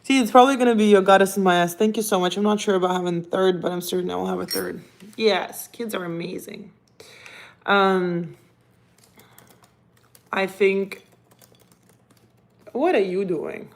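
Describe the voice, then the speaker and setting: A woman's voice: mid-range voice, steady tone, normal speed, vocal fry, pauses often. A woman whose first language is Russian, chatting casually on a live stream as she reads viewer comments aloud and talks to her cat. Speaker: livestream host reading viewer comments.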